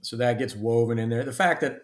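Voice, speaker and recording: A middle-aged man, a guest author and retired army officer, telling stories in a lively, casual way. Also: medium pitch, fairly quick. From United States. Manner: animated storyteller, acts out dialogue. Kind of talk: casual storytelling interview. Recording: roomy echo.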